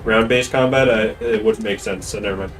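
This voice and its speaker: A man playing a tabletop game, chatty and joking with quick asides. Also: fairly low pitch, steady tone. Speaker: player. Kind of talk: casual tabletop game play. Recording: distant mic with faint background music.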